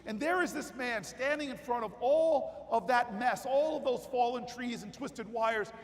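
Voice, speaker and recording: A man giving a political convention speech, telling a story that builds to shouted rallying cries. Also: very high voice, measured pace. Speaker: keynote speaker. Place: large convention hall with crowd. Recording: hall reverb with crowd.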